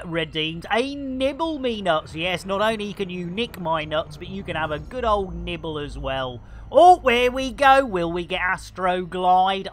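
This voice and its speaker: A man hosts a game livestream with playful, cheeky innuendo. His voice swoops about with bright tone and a slow, unhurried pace. The sound is dry and close. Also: high voice. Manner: playful innuendo-laden banter. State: slight frog in the throat. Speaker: game streamer. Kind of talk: livestream commentary.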